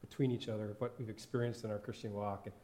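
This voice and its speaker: Chatty, mellow-voiced church speaker. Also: male voice, lowish voice, level tone, fast. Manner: rambling, laughs often, self-correcting. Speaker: worship leader and lay preacher. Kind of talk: informal sermon.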